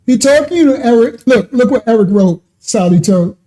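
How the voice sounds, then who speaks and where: A man's voice: very high voice, expressive, unhurried, dark tone. A man hosting a ministry channel, reacting to a clip and talking straight to commenters, laughing often.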